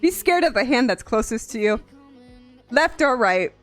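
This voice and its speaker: A young woman streamer chatting casually on a live stream, animated and quick to laugh, swearing freely. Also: a little high. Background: faint music.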